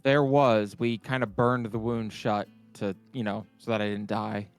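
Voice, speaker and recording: A man taking part as a player in a tabletop game, casual and relaxed. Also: lowish voice, a little slow, smooth, faint music behind.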